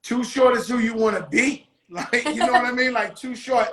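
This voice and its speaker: Loud, high-voiced man host in echoey room. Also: moderate pace, crowd noise. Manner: loud, excitable, slangy. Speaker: interviewer host. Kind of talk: casual interview chat.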